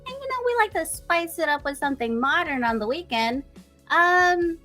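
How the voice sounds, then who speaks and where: A woman's voice: very high-pitched, sing-song, normal speed, pushed and bright, faint music behind. A young woman streamer chatting as a guest, bubbly and giggly. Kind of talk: casual interview chat.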